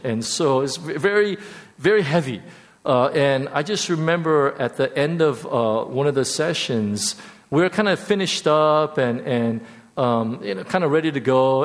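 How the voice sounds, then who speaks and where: A man giving a candid personal testimony, halting and restarting often, his voice dropping soft and low in tender moments. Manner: voice drops soft and low when emotional. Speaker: speaker sharing a personal testimony. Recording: long hall reverb.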